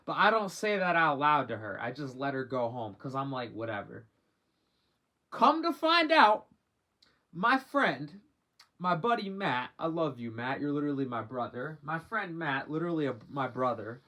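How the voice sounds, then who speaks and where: A man's voice: fairly high pitch, big pitch swings, moderate pace, pushed and bright. A young man telling a rambling, slang-heavy story from his own life in a casual storytime monologue, cursing freely as he goes. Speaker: vlogger.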